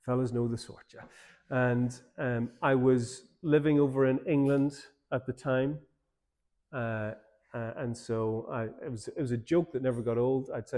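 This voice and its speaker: A man with an Irish accent, a pastor telling a personal story in a church seminar talk, in an informal, animated way. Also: medium pitch, normal speed. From Ireland.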